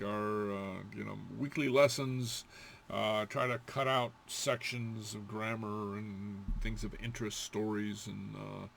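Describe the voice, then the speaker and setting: A man's voice: mid-range voice, gravelly, fairly bright tone, a little hiss or hum. A man giving a casual language lesson, playfully imitating animal sounds and laughing between them. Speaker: Gaelic teacher.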